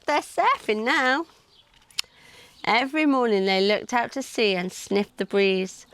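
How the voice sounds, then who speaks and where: A woman reading a picture book aloud to preschool children, gently asking them questions as she goes. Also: medium pitch, smooth, no echo. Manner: gentle, asks young listeners questions. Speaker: preschool storyteller.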